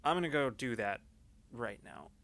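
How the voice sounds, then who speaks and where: A worn-out, wry crewman, as a man game master plays him in a tabletop game. He talks with plain, tired humor in a bright, forward voice pitched in the middle. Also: lively intonation, normal speed, creaky. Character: weary, dry-humored returning man.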